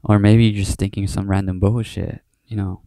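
A young man with a low, gravelly voice rambles through a late-night solo podcast. He swears freely and keeps circling back with "you know." His mellow, fairly flat delivery sounds close and dry. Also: normal speed, dry recording. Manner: rambling, heavy swearing, many fillers. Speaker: podcast host. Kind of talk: casual solo monologue.

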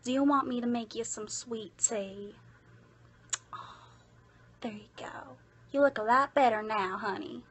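A woman voicing a sweet, shy young woman with a soft Southern accent, talking gently and motherly. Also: on the high side, unhurried, long pauses, a little hiss or hum.

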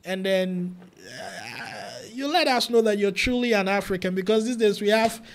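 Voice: medium pitch, lively intonation, moderate pace, a little hiss or hum. An interviewer, asking questions in a playful, teasing way and mixing in pidgin phrases. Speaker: host, interviewer. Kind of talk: casual street interview.

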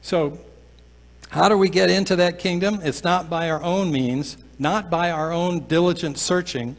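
A pastor preaching a sermon, often slowing down and dropping to a soft, low voice to stress a point. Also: male voice, creaky. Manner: slows down and drops to a soft, low voice for emphasis. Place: church sanctuary. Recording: long church reverb.

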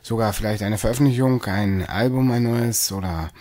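A man working as a radio interviewer, asking measured, slightly hesitant questions away from the microphone. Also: on the low side, mellow.

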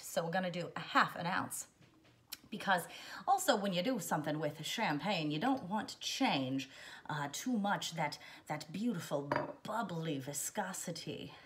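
Woman host, bright voice, lowish pitch, chatty and rambling, jokey cocktail demo. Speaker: home bartender host. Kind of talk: casual how-to cocktail demo.

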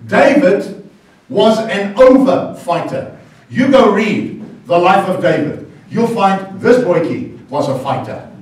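A South African pastor preaching a lively, playful sermon and bantering with his congregation. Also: high-pitched, slow pace. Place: church hall. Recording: very echoey church hall, far from the mic.

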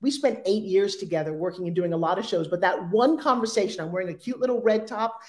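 A woman in her sixties speaking as an interview guest, animated and acting out sales pitches in quoted voices. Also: fast talker. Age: 60s. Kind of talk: energetic interview talk.

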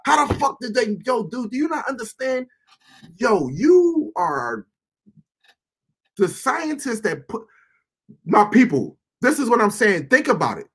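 A man hosting casual reaction commentary, animated and profane, addressing viewers as his people. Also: very high voice, unhurried, pauses often, slightly rough. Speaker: host.

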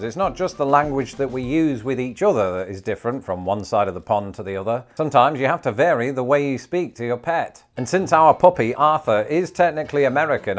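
A British man hosting a comedic vlog from his home, with a playful, dry delivery and asides to his dog. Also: medium pitch. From Britain. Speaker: YouTube host.

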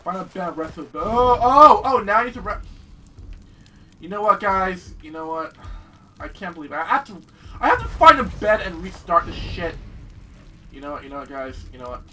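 A man giving excitable let's-play commentary, often yelling and cursing at the game he is playing. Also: sits high, normal speed, long pauses, distant mic. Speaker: gaming channel host. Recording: voice a bit off-mic over game music.

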